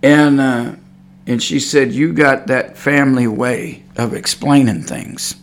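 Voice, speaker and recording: Speaking slowly in a steady, medium-pitched voice, this Texas-born podcast host rambles through religious talk. His storytelling is folksy and meandering, full of filler words.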